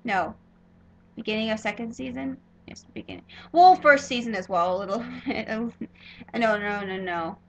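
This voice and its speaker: A woman's voice: a little high, moderate pace, slight background noise, poor audio. A young woman giving a casual spoiler review of a TV episode, rambling and gushing with lots of filler words and restarts.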